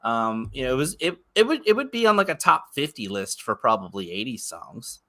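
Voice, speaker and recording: Upbeat bright-voiced man in his thirties. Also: medium pitch, sing-song, fairly quick. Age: 30s. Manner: enthusiastic, heavy on filler words. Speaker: podcast co-host. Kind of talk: casual chat.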